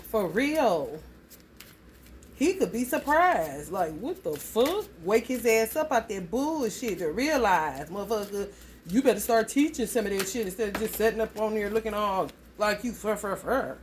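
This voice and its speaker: A woman's voice: medium pitch, animated, moderate pace, slight background noise. A woman giving a casual spoken reading to her viewers, blunt and heavily profane, rambling loosely as she talks. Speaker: astrology reading vlogger.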